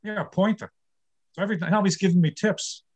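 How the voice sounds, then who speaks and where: A man's voice: high voice, steady tone, fast, a little mellow, a little hiss or hum. An older man performing a stand-up comedy set, telling wry, self-deprecating jokes about his marriage.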